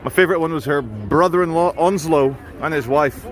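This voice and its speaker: A man's voice: on the high side, expressive, fairly quick, crowd noise. A man gives sardonic, mocking running commentary on a walking street vlog, filming on a handheld camera or phone as he walks outdoors through a city. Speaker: vlogger.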